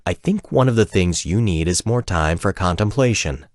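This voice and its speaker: Brief: male narrator doing polite, confident wizard, gnomish accent, low and unhurried, close dry read. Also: animated, no room sound. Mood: courtly. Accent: gnomish accent of the fantasy world. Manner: formal, measured and polite. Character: courtly male wizard, smooth and self-assured.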